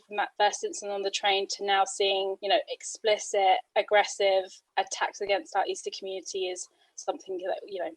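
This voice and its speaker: A woman's voice: medium pitch, flat delivery, moderate pace, hardly any pauses, dry recording, rough recording. A British woman, a guest in a casual discussion, speaking earnestly and often saying "you know".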